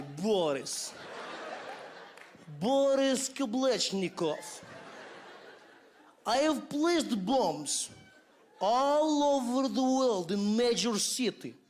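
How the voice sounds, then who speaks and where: A man voicing a grandiose movie terrorist villain with a Russian accent, announcing slowly and theatrically. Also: very high-pitched, darkish tone, a little hiss or hum, heavily acted.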